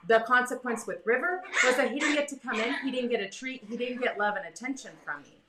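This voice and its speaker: A woman giving casual dog training advice in a chatty, animated way, now and then acting out her dog's thoughts in a voice. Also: fairly high pitch, fast talker, roomy sound, heavy background noise. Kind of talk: casual advice talk to camera.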